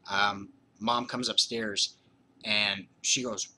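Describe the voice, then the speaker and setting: Hoarse man telling a ghost story. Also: fairly low pitch, flat delivery, measured pace, pushed and bright, a little hiss or hum, low-quality recording. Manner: rambling, full of "you know" and restarts. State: hoarse from being sick. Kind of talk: casual spooky storytelling.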